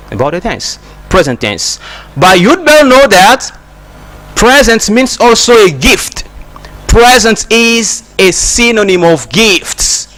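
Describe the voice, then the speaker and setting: Male teacher, slightly high voice, slow and deliberate, repeats each phrase. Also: fairly bright tone, poor audio. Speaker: English teacher. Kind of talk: slow spoken English lesson.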